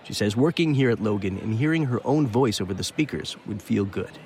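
Male radio reporter with lively pitch. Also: a little hiss or hum. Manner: measured, clear delivery. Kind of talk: scripted news report.

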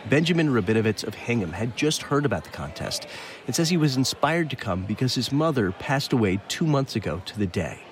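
A man's voice: medium pitch, a little hiss or hum. A man reporting a scripted radio news story, introducing the people he interviewed. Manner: measured, lively intonation with names and places.

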